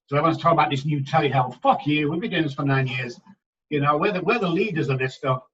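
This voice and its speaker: A man's voice: on the high side, fast, a bit bright, far from the mic, lo-fi sound. A man from England, a recovery doctor talking bluntly and swearing a lot in a casual interview.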